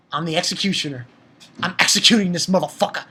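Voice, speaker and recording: An anime reviewer with a high, bright, forceful and husky voice recaps an episode at normal speed. His casual, rambling summary is full of fillers and restarts and keeps breaking into profane, angry outbursts.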